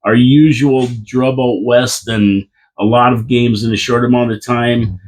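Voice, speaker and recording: A man's voice: mid-range voice, steady tone, measured pace. A man co-hosting a casual hockey chat from a radio studio, making emphatic, confident predictions. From Canada. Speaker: podcast co-host.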